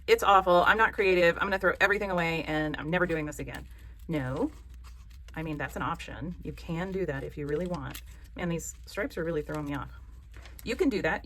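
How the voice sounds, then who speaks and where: A woman's voice: on the low side, sharp tone. A woman with a Southern American accent hosts a casual craft tutorial, chatty, joking and encouraging. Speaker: craft channel host.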